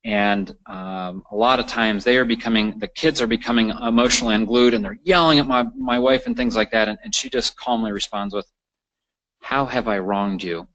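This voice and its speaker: A man's voice: mid-range voice, brisk, hardly any pauses, fairly bright tone, highs cut off. A man presenting a continuing-education lecture on parenting, talking unscripted with many fillers and restarts. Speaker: counselor presenting a training course.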